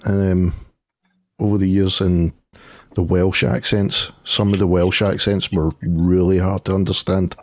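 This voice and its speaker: A relaxed man in a casual live-stream chat who talks in a drawn-out way. His voice is very deep, and the sound is dry and close. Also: dry recording. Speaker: co-host.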